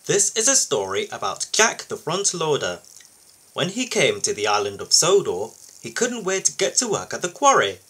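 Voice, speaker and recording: A man reading a children's picture book aloud for his video channel, expressive and lively. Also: fairly high pitch, moderate pace, breathy edge, low-quality recording. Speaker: YouTube storybook reader.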